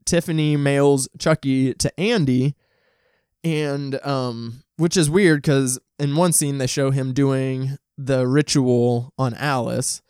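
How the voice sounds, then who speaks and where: A man's voice: medium pitch, darkish tone, clear, resonant tone, no room sound, clean studio sound. A man casually talking through a film review, chatty and enthusiastic with frequent ums and likes, at home. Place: home, dog nearby.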